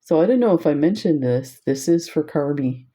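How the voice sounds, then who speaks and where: A woman's voice: low voice, expressive, normal speed, dark tone, husky. An older woman whose first language is French, chatting casually and laughing often while teaching a craft. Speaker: craft instructor. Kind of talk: casual crafting tutorial chat.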